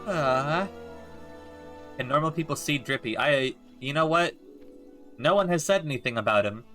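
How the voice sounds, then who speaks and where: A man's voice: a little high, expressive, normal speed, pushed and bright, faint music behind. A young man streaming a game and chatting jokingly with his viewers. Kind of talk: casual gameplay commentary.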